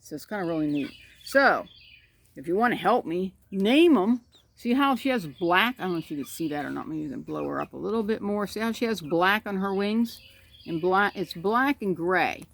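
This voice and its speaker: Her voice is mid-range and gravelly, moving at normal speed with lively intonation as she chats about her backyard hens. Filmed outside with a phone camera, the casual talk rambles, and she coos at the birds.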